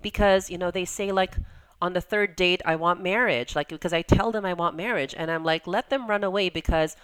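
Her voice is on the low side, clean and fairly bright, and she talks a little fast. As a guest on a podcast, this women's coach is chatty and loose, sprinkling in "like" and "you know" and performing the voices she quotes.

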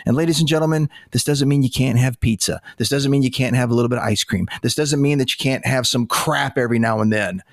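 Talking quickly with few pauses in a mid-range voice, a man hosts a casual podcast from his studio, with no room sound. He's blunt and exasperated and swears freely.

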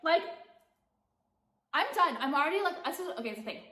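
A woman's voice: high-pitched, very animated, rapid-fire, bright, forceful tone, roomy sound. A woman makeup vlogger ranting at home, exasperated and profane, with "like" in nearly every sentence. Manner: exasperated, profane, heavy use of "like". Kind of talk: ranting vlog monologue.

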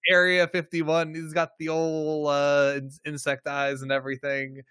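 A man's voice: fairly high pitch, completely flat delivery, unhurried, pushed and bright, smooth, no echo, studio quality. A man co-hosting a podcast who mocks a TV episode with sarcastic jokes in a casual chat. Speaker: podcast co-host.

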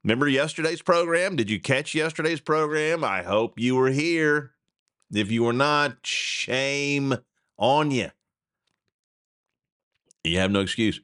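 A man's voice: medium pitch, unhurried, pauses often, smooth, no echo, studio quality. A middle-aged man hosting a radio talk show, ranting in a casual, chuckling way. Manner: animated, ranting, chuckling asides.

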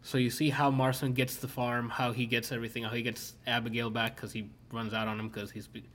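A man streaming speaks fairly quickly with a medium-pitched, fairly bright voice and a level tone. Rambling casually through a story, he swears a lot and keeps dropping "like" and filler words.

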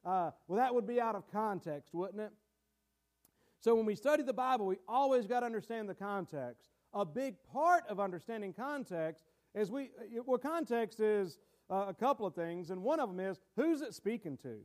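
A man's voice: sits high, lively intonation, moderate pace, a little mellow. A man preaching a teaching sermon in a conversational way, with many fillers and restarts and emphatic key points. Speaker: pastor.

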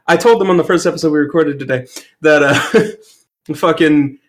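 Tired, profane podcast co-host, slightly high, laughs easily. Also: male voice, moderate pace. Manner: profane, excitable, laughs a lot. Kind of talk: casual chat.

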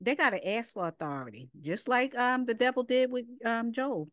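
A woman's voice: fairly high pitch, moderate pace, no room sound, clean studio sound. A woman giving an informal Bible lesson, emphatic and conversational, who repeats her points as rhetorical questions. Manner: conversational, drops into casual asides. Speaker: Bible teacher.

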